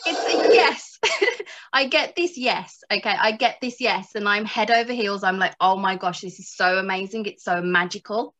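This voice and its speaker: Bright-voiced woman telling a motivational story. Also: fairly high pitch. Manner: animated, laughs often, acts out inner voices. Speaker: motivational speaker.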